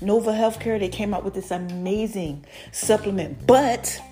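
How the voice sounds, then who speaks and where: A woman hosting her own podcast, giving a casual, lively update to her followers and calling them y'all and baby. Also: mid-range voice, normal speed, soft background music. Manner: lively, chatty, calls listeners y'all and baby. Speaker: podcast host.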